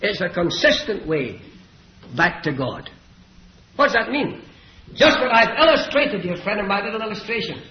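Preacher, male, fervent storytelling sermon with shouted peaks. Voice is high and swings widely, and the old hall recording is echoey. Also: big pitch swings, moderate pace, dull audio. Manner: fervent, rises to shouts on key phrases.

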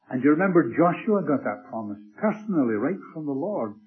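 An older man delivers a sermon, rising to forceful emphasis and then falling almost to a hush. His voice sits at an ordinary male pitch. The recording is narrow and tinny, like sound heard over a telephone line. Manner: dynamic, swings from loud emphasis to soft near-whisper. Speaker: preacher.

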